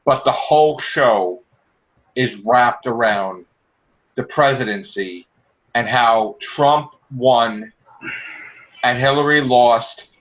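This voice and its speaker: A man co-hosting a podcast in casual chat, animated and joking, slipping into quoted voices. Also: medium pitch, slow pace, pauses often, lo-fi sound. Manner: animated, mimics people in quotes, self-described corny joker. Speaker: podcast co-host.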